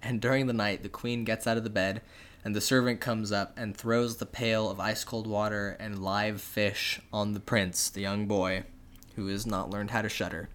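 A young man casually retelling a fairy tale as a podcast co-host, with relaxed, jokey asides and frequent fillers. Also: on the low side, normal speed.

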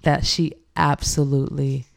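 A young woman chef, animated and laughing often as she acts out quoted speech in a casual interview. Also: sits low, measured pace, vocal fry. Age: young adult.

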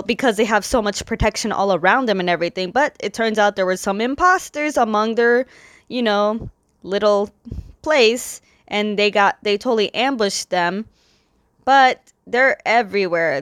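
A woman talks through a plot recap in a loose, easygoing ramble, full of fillers and little asides. Her pitch sits in a middle range, and the sound is close and dry with no room around it. She flicks into brief playful character impressions as she goes. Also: smooth, dry recording. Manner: quick lilting impressions of the characters' lines. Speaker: comic recap host.

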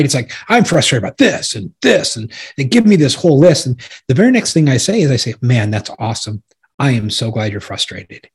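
A man's voice: fairly high pitch, a little mellow, breathy edge. A middle-aged man co-hosting a podcast and talking as an executive coach, earnest and rambling, with many fillers and restarts. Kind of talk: casual podcast conversation.

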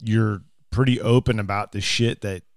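A man's voice: on the low side, fairly even intonation, moderate pace, dry recording, studio quality. A man co-hosting a podcast, speaking loosely and casually with some swearing. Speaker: podcast co-host. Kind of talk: casual chat.

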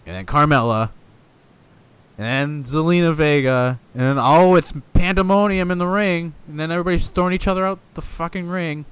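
A man's voice: a little high, fairly quick, fairly bright tone, clean tone. A man co-hosting a casual wrestling podcast, talking animatedly, swearing often and venting exasperated gripes. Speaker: podcast co-host.

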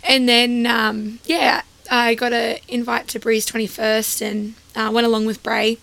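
Bright gravelly-voiced woman. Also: on the high side, level tone, a little slow. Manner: chatty, laughs often, many fillers. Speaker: podcast guest. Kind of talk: casual chat.

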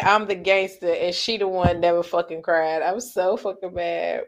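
A woman's voice: lowish voice, steady tone, moderate pace, hardly any pauses. Laughing, profane woman in casual chat. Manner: loose, profane, laughs often. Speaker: podcast co-host.

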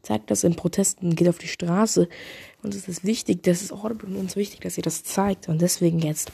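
Woman host, earnest casual intro, deep raspy gravel in the voice. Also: steady tone, brisk, mellow. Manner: earnest, urging listeners. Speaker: podcast host.

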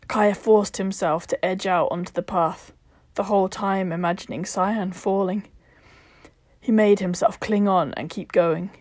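A woman narrating a storybook in a calm, measured way, at times dropping to a whisper. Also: on the low side, no room sound.

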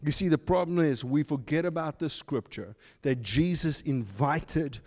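A man preaching a sermon as pastor, animated, slipping into mocking asides in put-on voices. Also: fairly high pitch, measured pace, big-room sound. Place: church.

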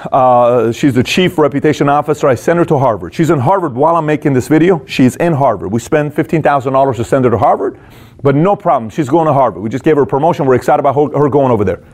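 A man with a fairly high voice teaches management like a motivational talk. He speaks directly and punchily, firing off rhetorical questions at his listeners. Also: lively intonation, fast talker, a little mellow. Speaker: business leader teaching management.

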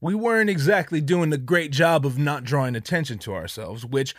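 A man telling a personal anecdote in an animated, profane, emphatic way. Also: a little high, a little fast, no room sound, studio quality. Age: young adult. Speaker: storyteller.

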